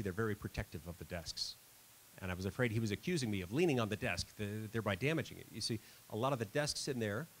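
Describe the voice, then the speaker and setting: A man's voice: mid-range voice, poor audio. Middle-aged man, speaker at a school assembly, dry humor, self-deprecating anecdotes. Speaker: senator.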